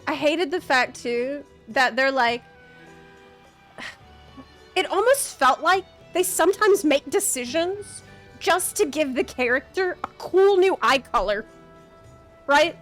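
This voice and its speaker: Woman streamer, high voice, unhurried delivery, passionate and sarcastic rant to chat. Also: animated, a bit bright, soft background music. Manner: impassioned, exasperated, sarcastic.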